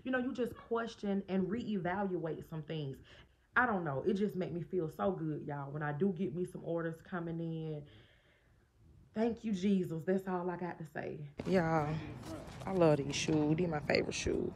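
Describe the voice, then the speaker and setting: A woman's voice: lowish voice, normal speed, darkish tone, a little hiss or hum. A woman chatting casually to camera as a vlogger, talking straight to her viewers. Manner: chatty, addresses viewers directly.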